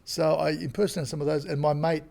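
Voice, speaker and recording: An Australian man, a comedian and actor, chatting as a podcast guest and telling animated stories. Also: on the high side, fast talker, gravelly. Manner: animated storyteller who acts out quotes. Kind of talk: casual interview chat.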